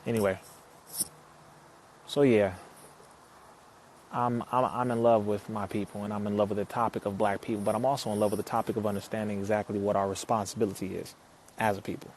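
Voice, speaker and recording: A man's voice: fairly low pitch, little pitch movement, brisk, long pauses, darkish tone, slight background noise. A man talking to viewers on a live stream, reading their comments and answering them, preachy and emphatic, repeating his points. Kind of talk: casual live stream talk.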